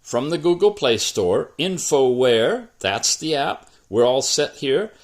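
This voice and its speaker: A man talks through a gadget demo in an easygoing, conversational way. His pitch rises and falls a lot, giving the narration an animated lilt. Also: takes it slowly. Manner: casual, conversational, lively pitch. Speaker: tech reviewer. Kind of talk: product walkthrough narration.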